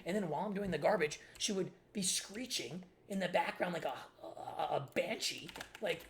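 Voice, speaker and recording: A young man in his twenties chats on stream in a rambling, loose way, leaning on filler words. His voice has a gravelly edge, and faint keyboard typing clicks behind him. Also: on the high side, fairly quick, few pauses, fairly bright tone, a little hiss or hum. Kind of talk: casual storytelling chat.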